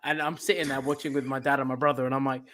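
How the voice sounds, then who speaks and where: A man co-hosting a football podcast, telling a story in a relaxed, casual way. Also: medium pitch, racing. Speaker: podcast co-host.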